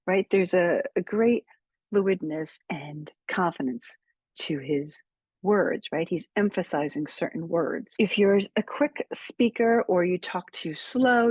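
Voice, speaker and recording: A woman speaker coach giving speaking tips straight to camera, with measured, emphatic delivery and deliberate pauses. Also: lowish voice, husky, no echo.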